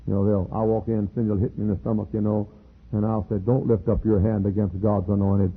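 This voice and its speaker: An older man, a pastor, preaching a sermon with animated delivery and sudden leaps into high quoted voices. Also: fast, breathy edge. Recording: tinny phone-like archive recording.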